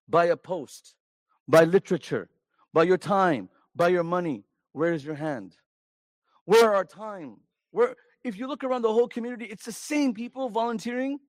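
Man preaching to a congregation, emphatic, lots of rhetorical questions, pretty high voice, dry sound. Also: no room sound. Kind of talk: storytelling sermon.

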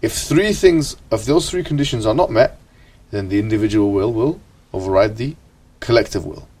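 A man leads an ethics lesson in a classroom with a somewhat low voice. He talks in questions, repeats himself and checks in with the students as he goes. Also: animated, normal speed, darkish tone, breathy edge, distant mic. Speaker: teacher.

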